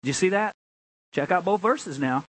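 A man with a high voice delivers a sermon as the pastor. He leans hard into key phrases, lifting and slowing them for weight. Between those peaks he settles into a low, chatty tone. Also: animated, fairly bright tone, rough recording. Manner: emphatic preaching with sudden high, drawn-out lines; drops to a low, conversational tone for asides.

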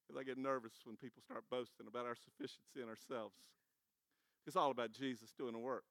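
A man preaching a sermon, animated and conversational, dropping casual slang and laughing as he goes. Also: sits high, no room sound, clean studio sound. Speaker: pastor.

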